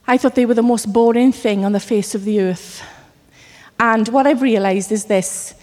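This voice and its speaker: A woman from Wales preaching a sermon, telling stories with lively acted asides. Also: fairly high pitch, moderate pace, long reverb tail. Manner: animated storytelling with acted asides.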